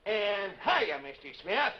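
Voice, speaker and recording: A man's voice: high-pitched, big pitch swings, takes it slowly, slightly rough, full character voice. A man voicing an eager, cheerful boy puppet who stammers and restarts his words, on a noisy lo-fi 1950s TV broadcast.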